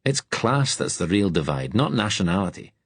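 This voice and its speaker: A man's voice: lowish voice, sing-song, normal speed, husky, no room sound. A man voicing a blunt, joking working-class Scottish man with a Scottish accent in an audiobook. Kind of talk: audiobook character voice.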